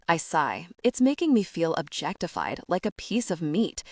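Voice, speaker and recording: Lowish woman narrating a romance audiobook. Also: normal speed, hardly any pauses, no echo, clean studio sound. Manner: lively, conversational storytelling.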